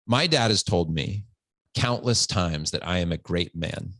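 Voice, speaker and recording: A man's voice: deep voice, measured pace, no room sound. A man in his forties telling a personal story on a podcast, earnest and open, close to tears at times. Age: 40s. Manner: earnest, open, animated retelling with quoted voices. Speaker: podcast guest.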